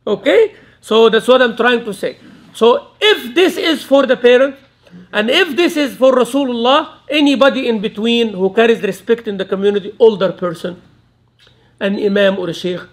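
High-voiced, animated man. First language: Arabic. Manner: animated, mixes Arabic words into English, laughs often. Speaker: Islamic lecturer. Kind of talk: Quran commentary lecture. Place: restaurant meeting room.

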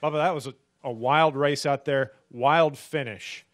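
A man's voice: medium pitch, measured pace. A male television reporter formally introducing a driver and asking about the race. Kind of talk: broadcast interview.

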